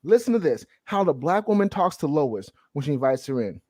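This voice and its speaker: A man's voice: fairly high pitch, fairly quick, no room sound, clean studio sound. Joking man from the American South. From Southern United States. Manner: animated, joking, frequent laughs and restarts. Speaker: podcast host. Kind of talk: casual chat.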